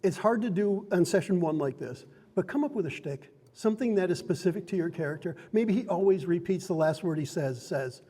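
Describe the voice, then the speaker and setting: A man's voice: high voice, animated, fairly quick, few pauses, warm tone, husky, in a large hall. A man acting as dungeon master in a card and game store, explaining rules to new players in a friendly, instructive way. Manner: friendly, instructive, laughs often.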